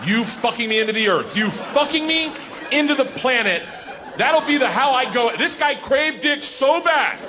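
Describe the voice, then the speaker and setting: Rowdy high-voiced man doing stand-up. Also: normal speed. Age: 40s. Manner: rowdy, profane, animated acting-out. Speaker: stand-up comedian. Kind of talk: stand-up storytelling. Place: comedy stage before a live crowd. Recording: live club recording with noise.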